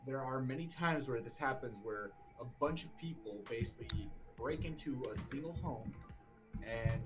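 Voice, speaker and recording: A slightly drunk man slurring a little as he argues forcefully and repetitively in an online debate. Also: medium pitch, distant mic, poor audio. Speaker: debate participant.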